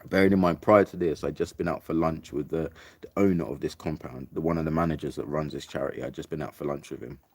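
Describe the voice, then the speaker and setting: A man's voice: very deep voice, steady tone, quick pace, a little mellow, no room sound. A young English man casually telling a rambling, sweary story about a trip, full of "like" and "mate". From England. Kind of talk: casual anecdote.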